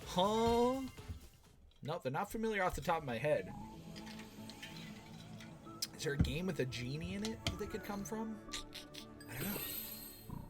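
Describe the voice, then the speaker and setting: A man live-streaming a video game, reacting with excited yelps and exclamations. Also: high voice, normal speed, long pauses. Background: game music.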